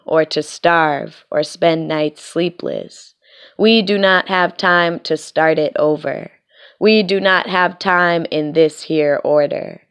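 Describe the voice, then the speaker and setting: Woman, spoken-word poet, low voice, unhurried, rhythmic deliberate delivery. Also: fairly bright tone, clean tone. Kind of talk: spoken word poetry performance.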